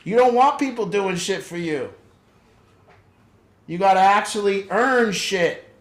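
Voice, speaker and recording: A man's voice: high voice, animated, unhurried, reverberant. A man leading a family group for an addiction program, telling blunt, profane stories and acting out the people in them. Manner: blunt, profane storytelling with voiced impressions.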